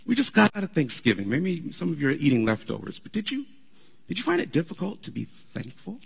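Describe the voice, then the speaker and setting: A man preaching a sermon as pastor, animated and conversational, laughing often as he talks. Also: fairly high pitch, brisk, vocal fry, husky, in a large hall.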